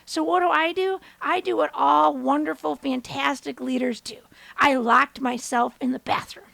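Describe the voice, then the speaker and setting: A woman in her thirties hosting a podcast, telling a personal story as a motivational monologue and acting out the quotes with big jumps in pitch. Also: steady tone, normal speed, gravelly, a bit bright, no room sound. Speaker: podcast host.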